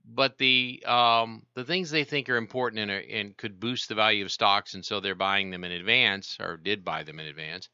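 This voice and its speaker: Bright, crisp-voiced male radio host. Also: fairly low pitch, moderate pace, hardly any pauses, no room sound, muffled recording. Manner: explanatory, rambling with restarts. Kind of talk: call-in radio talk about markets.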